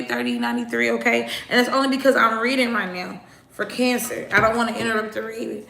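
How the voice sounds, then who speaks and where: A woman's voice: a little high, expressive, quick pace, gravelly, echoey room, background noise. A woman doing a casual tarot reading, talking bluntly and chattily straight to her viewers, sometimes swearing. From United States. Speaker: tarot reader.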